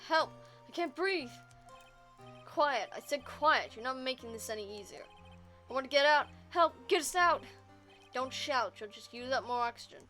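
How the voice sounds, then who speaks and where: A woman reading aloud and voicing panicked men trapped in a dark elevator, yelling at each other in a game. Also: high voice, lively intonation, normal speed, soft background music. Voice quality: loud, shouted, strained.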